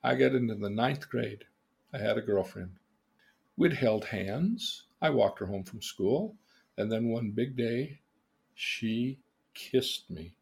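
A therapist and teacher gives an animated storytelling lesson on emotional independence, telling theatrical stories in which he exclaims and then questions his listener. His voice is medium-pitched and slightly rough, with a creaky quality, lively intonation and a slow pace.

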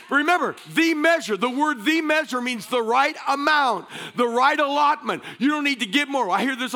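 A man preaching a passionate sermon in a church, shouting and laughing as he goes. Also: very high voice, expressive, measured pace. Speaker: guest pastor. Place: large church sanctuary.

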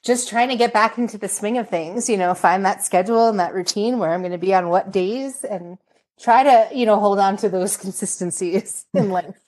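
Woman host, friendly, mid-pitched voice, easy conversational delivery. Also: moderate pace, a little mellow. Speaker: podcast host. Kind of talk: casual chat.

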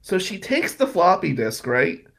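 A man's voice: sits high, sing-song, a little slow, vocal fry, fairly bright tone. A man in his forties telling a rambling, profane personal story to his viewers in a casual vlog. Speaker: vlogger.

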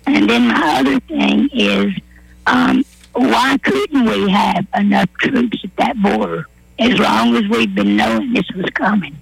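A hoarse woman calling in to a talk radio show, earnest and folksy. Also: medium pitch, expressive, unhurried, dry recording, rough recording. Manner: earnest, repeats questions, folksy. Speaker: caller. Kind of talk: call-in phone chat.

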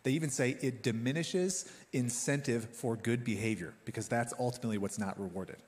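A man in his thirties preaching a sermon, talking straight to the congregation in a lively, conversational way. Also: medium pitch, brisk. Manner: animated, conversational, addresses the congregation directly. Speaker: pastor. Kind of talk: sermon with personal stories. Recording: reverberant church hall.

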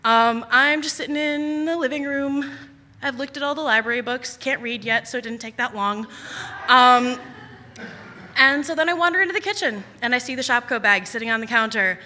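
A young adult woman telling a personal story on stage, animated and self-mocking with quick asides. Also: fairly high pitch, slight background noise. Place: stage at a live storytelling event. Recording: reverberant hall.

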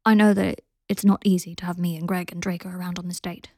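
A man's voice: high voice, level tone, quick pace, creaky, a little mellow, dry recording, studio quality. A woman reading an intense, earnest young man.

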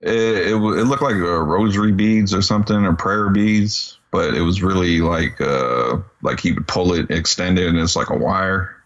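A man's voice: low-pitched, moderate pace, hardly any pauses, highs cut off. A man co-hosting a podcast, chiming in casually with details during a movie recap. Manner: laid-back, chimes in with details, laughs. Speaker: podcast co-host.

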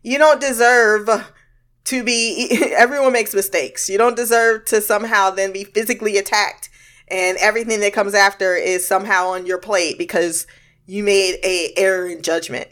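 A woman's voice: mid-range voice, fairly even intonation, normal speed, a bit bright. A woman casually commenting on a film, swearing freely and laughing often. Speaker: reaction commentator.

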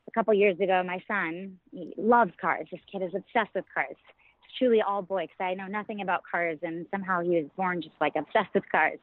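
A woman's voice: medium pitch, no echo. A middle-aged woman, a podcast guest, talking enthusiastically and telling stories with laughs. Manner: enthusiastic, storytelling, warm laughter. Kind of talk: conversational interview. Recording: tinny phone-like line.

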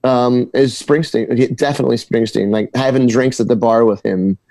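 A musician tells stories in a relaxed interview, tripping over words and restarting his sentences. His voice sits at an ordinary pitch and sounds dry and close. He talks like a regular guy swapping stories. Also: no echo. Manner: halting, repeats words, laughs while telling stories. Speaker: guitar teacher and musician. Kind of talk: casual interview storytelling.

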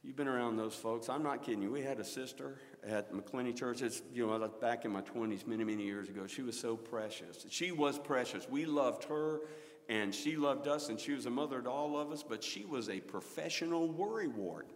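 A middle-aged man preaching a sermon, swinging between loud exclaiming and quiet storytelling. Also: medium pitch, a little fast, long reverb tail.

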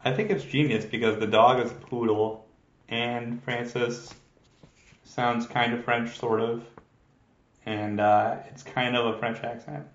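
A man co-hosting a podcast in casual chat, playful and teasing and quick to laugh. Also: mid-range voice, fairly even intonation. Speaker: podcast co-host. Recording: echoey room, dull lo-fi sound.

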